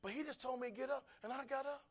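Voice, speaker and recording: A man's voice: very high voice, steady tone, rapid-fire, voice pushed up. A male preacher voicing a cheerful little girl raised from the dead, telling her story in a plain, chatty way.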